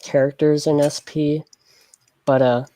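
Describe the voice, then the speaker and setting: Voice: mid-range voice, little pitch movement, unhurried, dark tone, no echo. A podcast panelist chatting casually, hesitant with many ums. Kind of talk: casual group chat.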